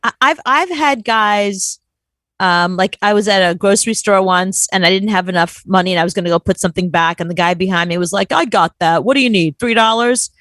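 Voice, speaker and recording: A woman with a Long Island New York accent, co-hosting a casual comedic chat and telling loud, animated stories. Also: medium pitch, a little fast, no room sound. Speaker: co-host.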